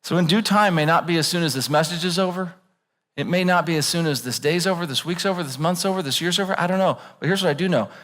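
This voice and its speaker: Bright-voiced animated man preaching. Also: on the high side, quick pace, in a large hall. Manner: animated, acts out worried voices with jokes. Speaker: pastor. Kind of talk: sermon. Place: church auditorium.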